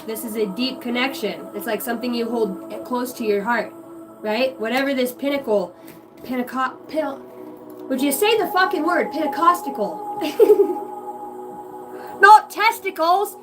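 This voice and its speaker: A woman's voice: fairly high pitch, animated, a little slow, pauses often, far from the mic, over music. A woman giving a rambling, profane channeled reading to her viewers, free-associating and giggling at herself. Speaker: psychic reader on a livestream.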